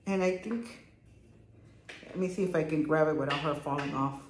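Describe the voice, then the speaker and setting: In her home garage, a jewelry vlogger in middle age chats casually and eagerly through a haul, speaking with a strong non-native accent. Her voice is low-pitched and moves at a normal speed, while the echoey space adds faint noise.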